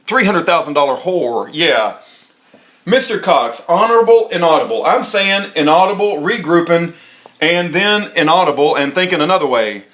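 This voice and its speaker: A man reading a court transcript aloud and giving indignant, sarcastic commentary, dropping into a low mocking tone for the lines he reads and bursting into shouts. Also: expressive, moderate pace.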